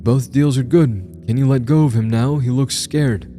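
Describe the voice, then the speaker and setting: A man voicing a gentle young man with dog ears, speaking calmly and kindly. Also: mid-range voice, normal speed, faint music behind, pitched above the performer's own voice, lightly acted. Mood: friendly. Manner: calm and friendly.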